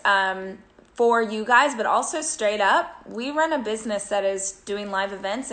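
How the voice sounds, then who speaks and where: A woman's voice: mid-range voice, a bit bright. A woman co-hosting a casual live show, telling a story in an emotional, rambling way with many fillers. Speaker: co-host.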